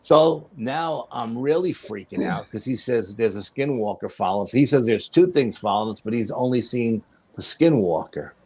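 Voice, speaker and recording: A man as a podcast guest, telling a personal story in a casual, animated way. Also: mid-range voice. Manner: animated, profanity, laughs while telling.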